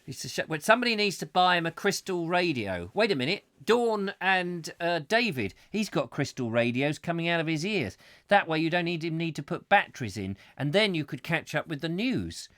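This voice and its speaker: Giggly rambling comic host. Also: male voice, on the high side, big pitch swings, moderate pace, fairly bright tone, no room sound, studio quality. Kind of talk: live comic chat show.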